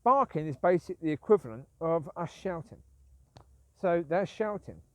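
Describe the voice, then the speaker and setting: A man with a slightly high voice rambles through a casual vlog monologue. He sounds aggrieved and keeps justifying himself, looping back to the same points. The sound is dry, with little room around it. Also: expressive, moderate pace, fairly bright tone, no echo. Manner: repetitive, aggrieved, self-justifying. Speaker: vlogger.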